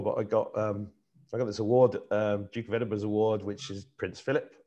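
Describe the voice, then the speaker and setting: Middle-aged British host, earnest and animated, keeps restarting his sentences. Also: lowish voice, dull audio. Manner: earnest, animated, repeats himself while searching for words. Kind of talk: casual conversational storytelling.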